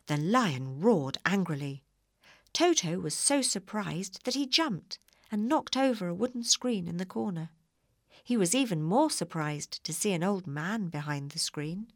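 Expressive woman reading a storybook. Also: fairly low pitch, normal speed, no echo, clean studio sound.

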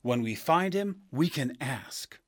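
A man's voice: mid-range voice, expressive, slow, no room sound, studio quality. A man voicing a polite young girl far from home, raising his voice to sound earnest in a storybook reading.

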